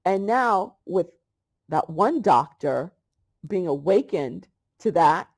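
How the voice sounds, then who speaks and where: A woman's voice: lowish voice, lively intonation, slow pace, darkish tone. A middle-aged woman vlogging about holistic health, telling a story in a chatty way and acting out both sides of a conversation. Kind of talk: casual spiritual monologue.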